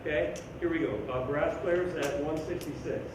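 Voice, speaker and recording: A man with a somewhat high voice coaches a school band in an animated, joking way, singing out rhythms between instructions. He is heard from far off in a very echoey band room. Steady noise sits behind him. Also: normal speed. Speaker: band clinician conducting a rehearsal. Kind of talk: rehearsal instruction.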